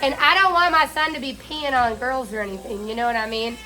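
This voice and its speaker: A woman's voice: a little high, a little fast, pushed and bright, rough recording. A middle-aged woman chatting candidly while bathing a cat, swearing freely as she talks. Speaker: pet groomer vlogger.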